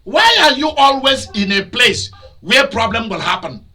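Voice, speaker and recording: Male pastor, high and bright, sermon with loud bursts. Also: sing-song, moderate pace, breathy edge. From Nigeria. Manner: preaching with loud outbursts and laughter.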